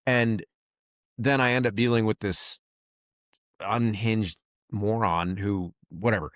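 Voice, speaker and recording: A man's voice: on the low side, takes it slowly, dry recording, clean studio sound. A man hosting a podcast, telling stories in casual chat and acting out the voices of people he quotes. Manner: animated storyteller, acts out quoted voices. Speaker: podcast host, veteran.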